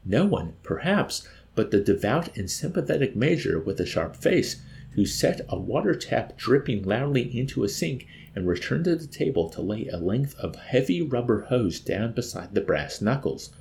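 A man narrating an audiobook with an expressive, dramatic reading. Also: medium pitch, normal speed, vocal fry, a little hiss or hum.

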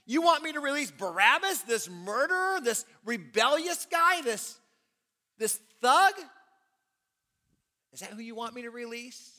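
A man's voice: very high-pitched, sing-song, unhurried, pushed and bright, in a large hall, pitched above the performer's own voice, exaggerated voice. A man voicing an exasperated Roman governor who keeps questioning a crowd in disbelief. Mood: incredulous. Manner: incredulous, pleading questions.

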